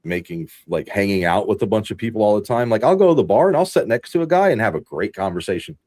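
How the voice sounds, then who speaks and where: A man from Texas hosting a podcast, telling long work stories in a casual, animated way, laughing often and swearing freely. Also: fairly low pitch, fast talker. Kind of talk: casual storytelling chat.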